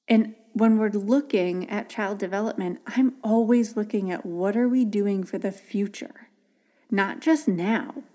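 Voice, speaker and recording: A woman hosting a parenting podcast, talking casually and gently, often acting out soft reassuring dialogue with children. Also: mid-range voice. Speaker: podcast host, parenting educator. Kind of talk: casual solo podcast talk.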